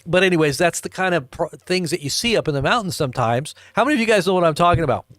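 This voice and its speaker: A man with a slightly high voice tells a long, rambling story and chats with his viewers live. He often repeats and restarts himself and laughs between lines. The sound is close and dry. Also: animated, quick pace, a bit bright, dry recording. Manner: rambling, chuckling, addresses viewers directly. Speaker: livestream host. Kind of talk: casual storytelling to a live chat.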